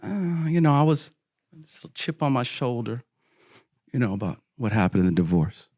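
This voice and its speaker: A man's voice: very animated, moderate pace, no echo, clean studio sound. Man telling a dramatic recovery story. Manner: dramatic storytelling, acts out dialogue with sharp pitch swings. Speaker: speaker sharing his recovery story. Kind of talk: storytelling talk to an audience.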